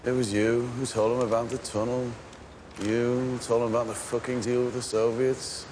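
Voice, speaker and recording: An actor playing a cold, calculating male gang leader who speaks in a measured, controlled way. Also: medium pitch, little pitch movement, close to an everyday voice. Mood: accusing. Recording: film audio with background noise.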